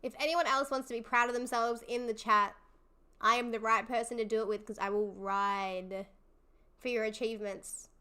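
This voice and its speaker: Young woman streamer, bright high voice, unhurried, gushing and supportive toward her chat. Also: steady tone, clear, resonant tone. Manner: effusive and encouraging, laughs often. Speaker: livestream host. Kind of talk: casual live chat with viewers.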